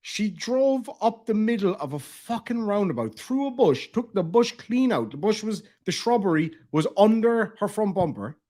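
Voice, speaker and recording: A man's voice: high voice, big pitch swings, normal speed, few pauses, mellow. An Irish man in casual commentary, telling stories full of swearing and laughing through them. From Ireland. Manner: profane, laughs through his own stories. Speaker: streamer reacting to a livestream.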